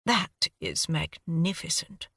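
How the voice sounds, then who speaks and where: A man's voice: fairly high pitch, huge pitch swings, takes it slowly, sharp tone, husky, no echo, studio quality, full character voice. Urbane British-accented male scholar done by a woman narrator, self-deprecating, storybook. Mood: wry. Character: refined British-raised male scholar, wry.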